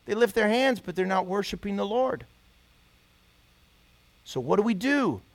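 A man preaching a sermon as pastor, pressing his listeners with repeated rhetorical questions. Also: high voice.

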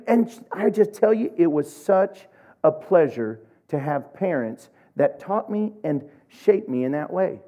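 A middle-aged man from Oklahoma preaching a sermon, telling humorous, animated stories. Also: a little high, a little slow, highs cut off. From Oklahoma, USA. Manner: humorous, animated storytelling with laughs.

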